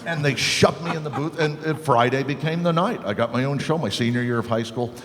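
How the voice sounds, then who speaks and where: An older man tells stories to a convention audience in an animated way, dropping into quick voices as he goes. His pitch sits in a middling range. The sound carries a long hall reverb. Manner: animated storyteller, slips into voices. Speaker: panel guest, voice actor. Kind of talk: convention panel anecdote.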